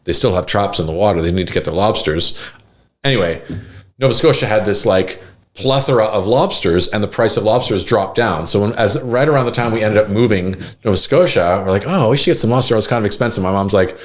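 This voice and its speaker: A man's voice: fairly low pitch, animated, fairly quick. A man, a podcast guest, telling casual stories full of fillers and restarts. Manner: rambling storyteller with many fillers. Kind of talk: casual chat.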